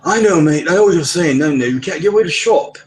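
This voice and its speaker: A man doing an English-accented impression of an excitable young coworker who keeps repeating himself. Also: fairly high pitch, fast talker, a little hiss or hum, pitched above the performer's own voice, close to an everyday voice. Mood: eager. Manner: eager, repeats himself, says "mate" a lot. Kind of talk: impression in casual voice chat.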